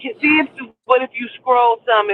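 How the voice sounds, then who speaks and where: A woman co-hosting a casual panel chat, animated, slangy and blunt. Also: fairly high pitch, normal speed, narrow, tinny audio, slight background noise. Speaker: panel co-host.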